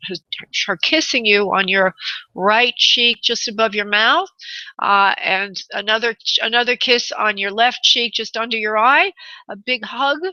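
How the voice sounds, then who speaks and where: Woman radio psychic host, bright tone, affectionate and tender, dull lo-fi radio sound. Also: a little high, unhurried, no echo. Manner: tender, affectionate, calls callers honey and sweetheart. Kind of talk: live radio psychic reading.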